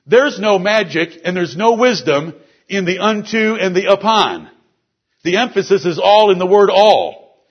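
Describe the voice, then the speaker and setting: At a church service, a male pastor with a high, slightly husky voice preaches an expository sermon to his congregation, with lively intonation and a moderate pace. He goes through scripture word by word, explaining each verse's grammar. The recording is dull and lo-fi.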